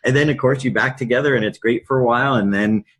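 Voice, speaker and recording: A middle-aged man, a podcast guest and public speaker, telling candid stories in a lively anecdotal way. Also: medium pitch, fast. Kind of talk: storytelling in a podcast interview.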